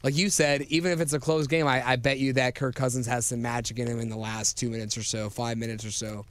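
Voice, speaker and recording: A man's voice: medium pitch, level tone, quick pace. A man co-hosting a sports podcast, chatting in an easygoing way about his picks. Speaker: podcast co-host. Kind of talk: casual sports betting chat.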